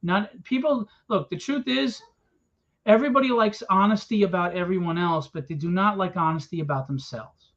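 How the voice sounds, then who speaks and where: A comic book publisher with a high, fairly bright voice speaks at normal speed, delivering a blunt, confrontational rant and swearing freely to a small crowd in a convention room. The event recording sounds dull and lo-fi.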